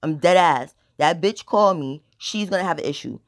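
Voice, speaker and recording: A woman's voice: on the low side, lively intonation, moderate pace, no room sound, studio quality. Blunt profane woman telling a story. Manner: rambling with filler words. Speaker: storytime vlogger. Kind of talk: casual storytelling.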